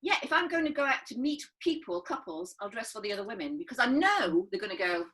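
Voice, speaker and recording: Husky, animated fast-talking woman. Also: fairly high pitch. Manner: emphatic, asks tag questions, animated. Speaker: podcast co-host. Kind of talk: casual chat.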